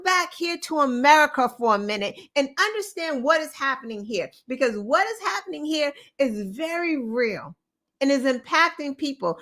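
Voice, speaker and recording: A woman's voice: sits high, sing-song, moderate pace, a bit bright. A woman hosting a show, giving opinionated political commentary in an impassioned, profane way, firing off rhetorical questions. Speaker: show host.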